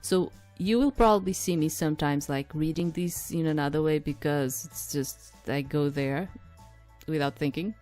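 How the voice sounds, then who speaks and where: A woman who is not a native English speaker, reading a dating game aloud and chatting in rambling asides as she thinks out loud. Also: low voice, moderate pace, soft background music. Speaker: game streamer. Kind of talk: reading a visual novel aloud with side commentary.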